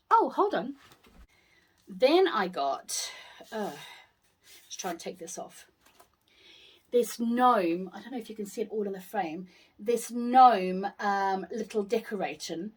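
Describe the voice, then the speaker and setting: A British woman with a fairly high voice talks through her shopping haul in an easy, chatty way. She gushes over each item and keeps exclaiming how cute things are, rambling warmly from one thing to the next. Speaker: haul vlogger. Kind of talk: casual haul video chat.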